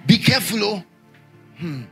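A man preaching a sermon as pastor, raising his voice in shouted, singsong lines and asking the congregation questions for them to answer. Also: sits high, lively intonation, normal speed, gravelly, husky, faint music behind. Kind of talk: call-and-response sermon.

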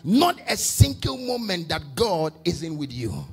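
A man preaching a sermon in call-and-response style, often rising to shouts. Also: sits high, very animated, a little slow, breathy edge, faint music behind.

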